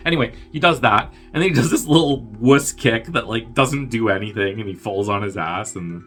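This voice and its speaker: A fairly low-pitched man hosts a podcast and talks through a movie's plot in a loose, rambling way. He keeps it offhand and breaks into quick character impressions. Faint music sits under his voice. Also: fairly bright tone. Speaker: podcast host. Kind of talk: casual movie recap.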